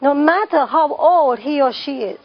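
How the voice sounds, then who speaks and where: In a muffled recording, a woman with a high voice speaks at a measured pace. She leads a parenting class, putting questions to the room and repeating key phrases for emphasis as she teaches.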